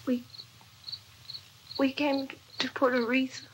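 A woman playing a dazed, frightened young woman who speaks in halting, broken phrases. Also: high-pitched, level tone, noisy background. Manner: halting, faltering speech. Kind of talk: dramatic reading.

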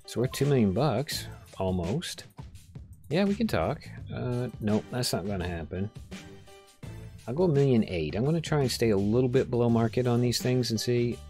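Guy doing goofy game commentary, voice bounces up and down, chats to himself, reads customer lines out loud. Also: mid-range voice, expressive, normal speed, soft background music. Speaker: gameplay video host. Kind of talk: casual gameplay commentary. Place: home room during a rainstorm.

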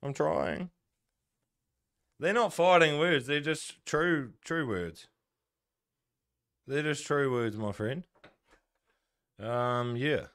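A man's voice: fairly high pitch, takes it slowly, pauses often, fairly bright tone. A young man with a New Zealand accent, chatting casually and swearing often while he live-streams slots and answers his chat. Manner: swears a lot, banters with chat. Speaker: gambling streamer.

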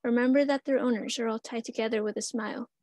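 A gentle, wise mother gives her small daughter soft rhymed counsel, voiced by a woman reading the story aloud. Her voice sits high, and the sound is close and dry. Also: fairly even intonation, fast, no room sound, natural voice. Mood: consoling. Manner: soft, consoling rhymed verse.

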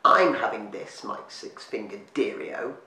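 A man voicing a vicious, twisted old witch woman in a storybook reading, with a raspy, half-whispered snarl. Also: fairly low pitch, huge pitch swings, slow, a bit bright, heavily acted. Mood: menacing. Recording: echoey room, distant mic, faint hiss.

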